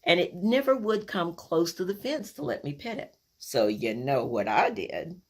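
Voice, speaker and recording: A woman telling a personal family story, animated and acting out the scenes as she goes. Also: on the low side, a little slow, breathy edge.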